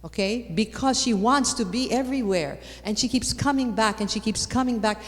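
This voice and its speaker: A woman giving a lively conference talk, repeating her points for emphasis and putting rhetorical questions to the audience. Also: a little high, normal speed, hardly any pauses. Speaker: conference speaker. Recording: long hall reverb.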